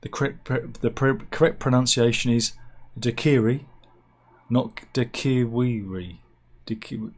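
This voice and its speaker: A man hosting a satirical news vlog, reading out stories with wry, deadpan asides and mock outrage. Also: medium pitch, a little fast, few pauses. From United Kingdom. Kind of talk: offhand comic news chat.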